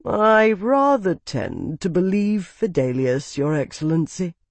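A narrator voicing a world-weary male high lord who speaks in a measured, dry, unhurried way, a little lower than the narration. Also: animated, gravelly, darkish tone, slightly rough, no room sound, full character voice. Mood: cool.

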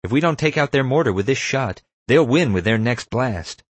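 A man's voice: mid-range voice, lively intonation, normal speed, slightly rough, dry recording, voice pushed up. A man voicing a cool, capable teenage girl spy who speaks in a clipped, urgent way.

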